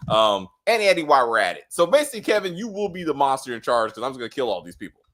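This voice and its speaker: Male podcast host for show reviews, animated and profane, bright tone. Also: medium pitch, rapid-fire. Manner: animated, profane, acts out characters' lines. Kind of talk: casual chat review.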